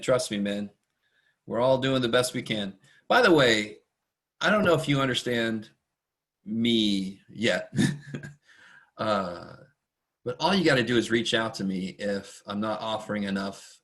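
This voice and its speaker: A man teaching a math class online in a casual, chatty, rambling way, often talking fast and poking fun at himself. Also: mid-range voice, a bit bright. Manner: chatty, rambling and self-deprecating; talks fast much of the time. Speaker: math instructor. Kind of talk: casual online lecture to students.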